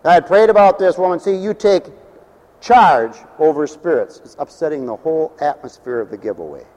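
A man preaching a sermon as pastor, swinging between loud declarations and hushed, low storytelling. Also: expressive, fairly quick, in a large hall, poor audio.

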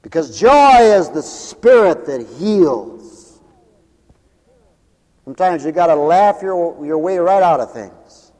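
A fervent male preacher with a high voice delivers a revival sermon, his words rolling out in rhythmic repetition. He swings between ringing exclamations and low muttered asides. The sound rings with the long reverb of a church hall. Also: animated, takes it slowly, long pauses, dark tone. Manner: repetitive, rhythmic phrasing with interjected hallelujahs.

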